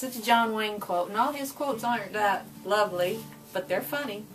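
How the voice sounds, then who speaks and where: A woman's voice: medium pitch, normal speed, few pauses, soft background music. Earnest woman speaking a little off-mic. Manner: earnest and emotional. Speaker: Christian vlogger sharing encouragement. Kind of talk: casual motivational talk to camera. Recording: voice a bit far from the mic with faint noise.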